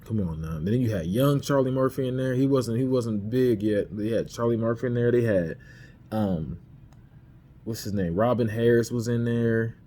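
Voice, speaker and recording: A man's voice: mid-range voice, moderate pace, warm tone. A man hosting a podcast, casually ranking movies in slangy talk and laughing as he retells scenes into a camera mic. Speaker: podcast host reviewing movies.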